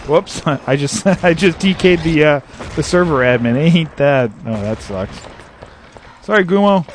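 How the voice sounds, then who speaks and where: A man's voice: fairly high pitch, expressive, unhurried, background noise. A man hosting a casual internet radio show from his apartment, joking and rambling with many fillers while he plays a shooter and calls the action. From Southern California. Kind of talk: casual live commentary while playing.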